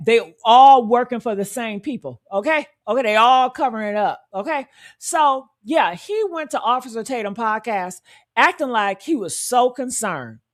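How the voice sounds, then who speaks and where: A woman's voice: fairly high pitch, fairly bright tone. A woman hosting true-crime commentary in a sassy, emphatic style, repeating her points and calling her viewers honey and y'all. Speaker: commentary channel host.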